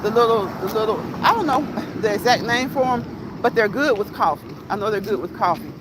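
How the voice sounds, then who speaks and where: A middle-aged woman livestreams a casual walk-and-talk from her phone, chatting straight to viewers and reading live chat as she strolls a street. Her fairly high voice has lively intonation and a slightly fast pace. Street noise and passing traffic are clearly audible.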